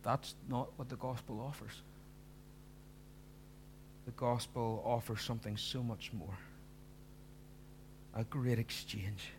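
A man's voice: mid-range voice, steady tone, takes it slowly, long pauses, background noise. A man preaching a sermon, earnest and pleading, pressing his listeners with emphatic questions.

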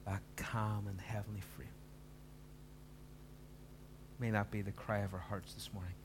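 A man delivers a sermon in a somewhat low voice, earnest and pleading. He presses his listeners with rising, emphatic questions. A faint hum sits under the recording. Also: little pitch movement, fairly quick. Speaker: preacher.

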